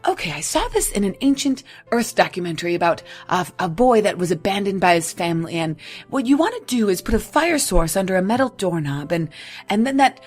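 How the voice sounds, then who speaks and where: A woman acts out a needy, volatile female advice show host in a comedy sketch. She talks dramatically, swinging from hushed soothing to indignant outbursts. Her voice sits in a middle pitch, with faint music in the background. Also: big pitch swings, fairly quick. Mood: cheerful.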